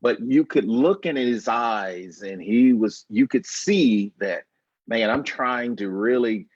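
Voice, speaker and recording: A man in his fifties with a husky, medium-pitched voice shares a personal story as a guest, speaking slowly, emphatically, and in a measured, reflective way. The audio comes over a dry, dull video-call line with little room sound.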